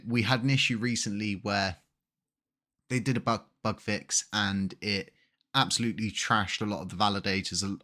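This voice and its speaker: Guy a bit under the weather, croaky lowish voice, rambling on about stuff, kinda fed up. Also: a bit bright. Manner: frustrated, rambling, repeats words. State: croaky from a cold. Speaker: crypto channel host. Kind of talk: casual video commentary.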